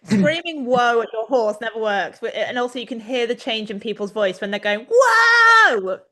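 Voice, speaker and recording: A young adult woman co-hosting a webinar, coaching riders in a chatty, animated way over a video call. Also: on the high side, fairly quick. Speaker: riding coach and webinar co-host. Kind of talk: casual instructional chat.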